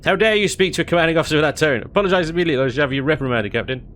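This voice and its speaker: A man's voice: a little high, rapid-fire, fairly bright tone, pitched above the performer's own voice, natural voice. A man voicing a pompous alien commander who pretends to be a human admiral, speaking in a stiff, overly formal way. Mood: indignant. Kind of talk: reading in-game dialogue aloud in a voice.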